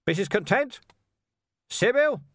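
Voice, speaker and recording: A man reading a gruff middle-aged watch commander who barks short, forceful lines. The voice sits a little above the reader's own, with lively pitch. It is read for an audiobook in a dry, close sound. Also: normal speed, dry recording. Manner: clipped, forceful barking.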